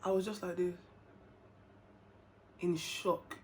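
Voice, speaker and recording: A young woman, telling a personal story to camera in a casual, animated way, laughing and acting out what people said. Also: lowish voice, takes it slowly. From England. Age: young adult. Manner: animated, slangy, laughs often, acts out dialogue. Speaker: vlogger.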